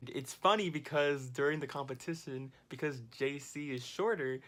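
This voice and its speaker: A man giving a casual, animated recap and commentary of a reality TV episode, exclaiming and laughing as he goes. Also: medium pitch, normal speed. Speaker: TV recap vlogger.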